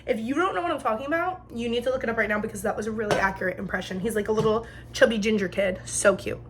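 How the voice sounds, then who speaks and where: A woman's voice: on the high side, fast talker, few pauses, over music. A woman in her twenties from New Jersey telling stories in a chatty, slangy way while she cooks in her home kitchen. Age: 20s. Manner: chatty, slangy, animated retelling. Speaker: vlogger. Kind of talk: casual storytelling while cooking.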